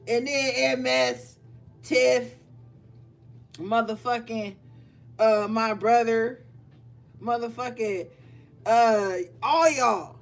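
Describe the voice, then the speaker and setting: A woman giving a casual livestream tarot reading, talking bluntly with lots of profanity, scolding her viewers and laughing often. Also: fairly high pitch. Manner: scolding, animated. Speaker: tarot reader. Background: faint music.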